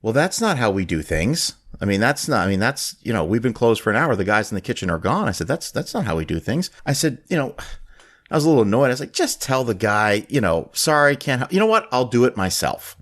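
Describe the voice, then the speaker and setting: A man hosting a podcast, telling a story in casual chat and acting out the people he quotes. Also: fairly quick. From Florida. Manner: animated, acts out quoted voices in a higher pitch. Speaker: podcast host.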